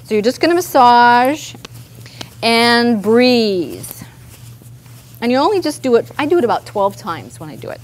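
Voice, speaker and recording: A woman's voice: fairly high pitch, sing-song, unhurried, long pauses, slight background noise. Chatty woman leading a workshop. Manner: chatty, guiding the group through movements. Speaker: workshop presenter, therapist. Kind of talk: live workshop instruction. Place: meeting room with a group.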